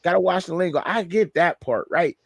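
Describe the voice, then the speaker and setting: Hyped-up dude co-hosting a football show, kinda high voice, dry sound, lots of repeating himself. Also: male voice, fairly quick, husky, no room sound. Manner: animated, repeats himself, slangy. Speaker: show co-host, fan. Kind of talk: heated sports banter.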